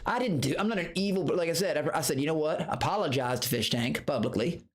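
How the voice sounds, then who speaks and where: A man streaming live, telling a story in a profane, animated rant, breaking into high outbursts and greeting viewers from chat. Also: quick pace, few pauses. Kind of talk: casual livestream rant.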